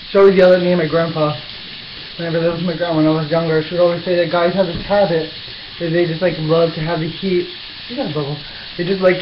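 Recorded on a built-in camera mic with roomy, dull lo-fi sound and a noisy background, this cooking vlogger talks casually in his apartment kitchen. The young man's voice is a little high, and he swears, yelps and pokes fun at himself.

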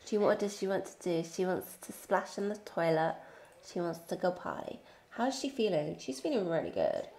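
A woman's voice: lowish voice, moderate pace, vocal fry, roomy sound. A young woman gushing and cooing as she comments on a life-sim game she is playing. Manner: gushing, excitable, cooing baby talk. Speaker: gaming YouTuber. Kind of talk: let's-play commentary.

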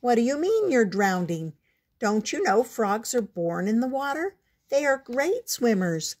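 A woman's voice: fairly high pitch, big pitch swings, a little slow, a little mellow, voice pushed up. A woman reading a patient mother frog. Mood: coaxing. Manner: coaxing, encouraging. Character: patient mother frog coaxing her son.

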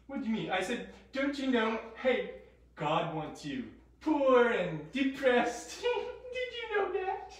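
A man's voice: extremely high pitch, very animated, takes it slowly, recorded from a distance, voice pushed up, exaggerated voice. A man putting on the voice of a sneaky, lying male devil trickster who mocks and chuckles as he schemes. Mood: mocking. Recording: echoey room.

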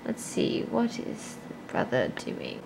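This young vlogger has a rumbling low voice with vocal fry, huge swings in pitch, and an unhurried pace. She rambles casually at her viewers, constantly dropping "like" and "um," in an echoey room with faint noise.

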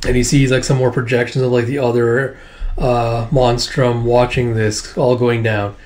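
A man's voice: mid-range voice, level tone, moderate pace, darkish tone. Rambling man reading a comic aloud. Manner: rambling, many fillers, swears. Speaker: comic book reader and reviewer. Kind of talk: casual read-along of a comic.

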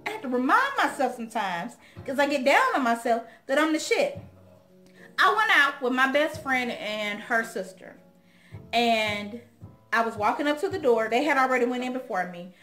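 A woman's voice: fairly high pitch, a bit bright. A young woman hosting her own channel, talking straight to the viewers in a casual, outspoken chat and telling stories with a lot of animation. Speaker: vlog host.

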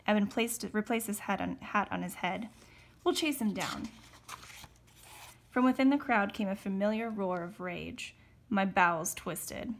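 Role: teacher. Style: reading a novel aloud. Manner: steady, occasional self-corrections. Pitch: medium. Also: female voice, normal speed.

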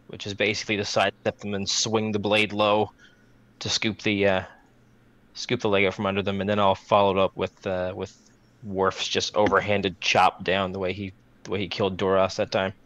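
A man's voice: on the low side, a bit bright, dry recording. A man playing a tabletop role-playing game, talking casually and muttering asides while he rolls. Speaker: player.

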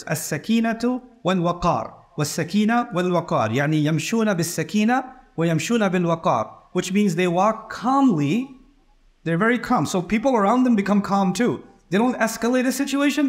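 A middle-aged man giving a conversational sermon in a mosque, often acting out quoted dialogue. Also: high voice. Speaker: preacher giving a Friday sermon.

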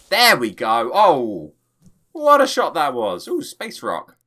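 Playful and excitable, this gaming channel host narrates a let's play and adds his own sound effects. His pitch is fairly high, but he takes things slowly.

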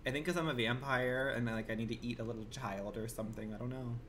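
A man streaming a game live, commenting in a campy, profane way and swinging from low murmurs to shrill outbursts. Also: steady tone, quick pace, fairly bright tone, slight background noise.

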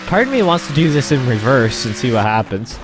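A man's voice: medium pitch, a little fast, music in the background. A man hosting a gaming channel, giving rambling let's-play commentary with lots of laughter and exclamations. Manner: excitable, laughs and exclaims often; rambling, repeats himself.

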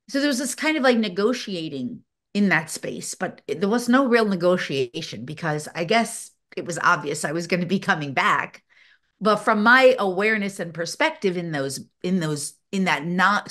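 A woman telling a personal story in an earnest way, often pausing and searching for words. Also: fairly low pitch. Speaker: interviewee recounting a spiritual experience.

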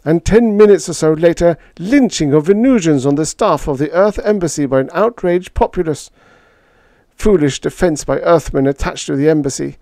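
A man's voice: fairly high pitch, moderate pace, warm tone, no room sound, studio quality, pitched above the performer's own voice, lightly acted. A man voicing a grim male ambassador who briefs in clipped, urgent fragments, in a storybook reading.

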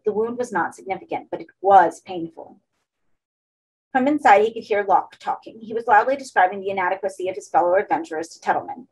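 Female audiobook reader, husky, mid pitch, steady horror narration. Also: a little fast, low-quality recording.

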